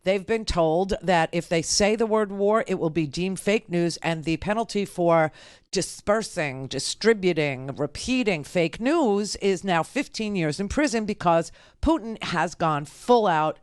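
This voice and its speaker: A woman's voice: fairly low pitch, lively intonation, unhurried, clear, resonant tone, no echo, studio quality. A woman hosting political talk radio, brash and emphatic with rambling asides. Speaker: radio talk show host.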